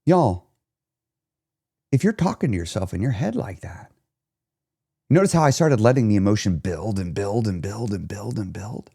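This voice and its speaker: A man who is a weight loss coach, talking in a casual solo podcast monologue, animated and emphatic, with some swearing. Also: on the low side, moderate pace, vocal fry, pauses often, husky.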